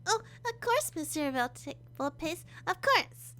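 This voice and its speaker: A tiny, eager-to-please mouse servant, chirping in a very high, bright voice that bounces around. Quick and cheerful in a game voice-over. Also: female voice, very animated, heavily acted.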